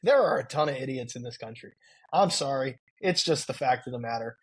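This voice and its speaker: A man's voice: medium pitch, lively intonation, a little fast, slightly rough, poor audio. A man co-hosting a podcast in casual chat, agreeable and exasperated about people. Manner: agreeable, frequent backchannel, exasperated. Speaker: podcast co-host.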